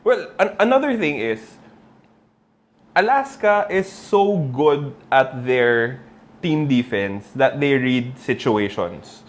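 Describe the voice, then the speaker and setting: Expressive Filipino man, lively voice. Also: mid-range voice, slow. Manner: expressive, switches between English and Tagalog. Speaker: podcast co-host. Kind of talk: casual sports talk.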